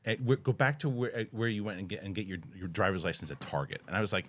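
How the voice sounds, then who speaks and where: A man in casual chat, telling a story with lively impressions of the people in it. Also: lowish voice, fast talker, a little hiss or hum. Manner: animated storyteller, acts out yelling voices, laughs. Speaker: podcast co-host.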